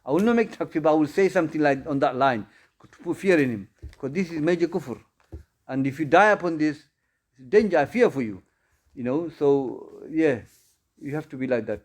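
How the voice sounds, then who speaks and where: A man's voice: on the high side, a little fast. A man teaching an informal Islamic studies class, answering students' questions in a conversational way, with many repeats and restarts. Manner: conversational, repeats phrases, frequent restarts and fillers.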